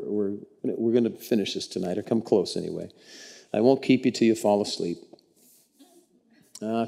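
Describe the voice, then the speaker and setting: Folksy pastor, mellow tone, animated church storyteller who repeats himself. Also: male voice, medium pitch. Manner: folksy, conversational preaching. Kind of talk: sermon.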